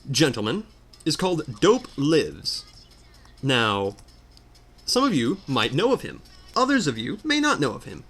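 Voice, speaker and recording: Playing a video game, a man with a medium-pitched, fairly bright voice delivers frustrated, ranting commentary. He's a let's player venting his exasperation over the gameplay.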